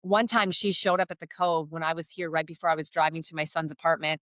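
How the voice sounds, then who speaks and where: A woman's voice: sits low, fairly even intonation, fast, a bit bright, no room sound. A middle-aged woman giving a heartfelt faith testimony as a podcast guest, telling her story earnestly.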